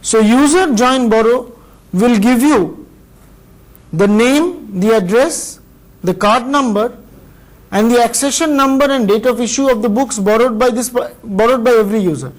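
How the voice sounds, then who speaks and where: A man with an Indian English accent giving a measured university lecture, explaining step by step with pauses between phrases. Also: extremely high pitch, low-quality recording. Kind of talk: recorded classroom lecture.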